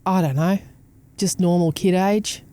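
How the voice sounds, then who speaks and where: A woman's voice: fairly low pitch, steady tone, a little slow, warm tone, clean tone, dry recording. A woman with an Australian accent, hosting a casual chat and talking bluntly, swearing and mimicking people as she tells stories. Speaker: podcast host.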